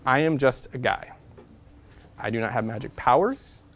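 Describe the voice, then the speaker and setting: A man in his thirties from Nebraska, telling a lively travel story as a guest speaker to a class, repeating a refrain and acting out the voices he quotes. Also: mid-range voice, normal speed, creaky. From Nebraska, USA. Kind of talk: storytelling lecture to students.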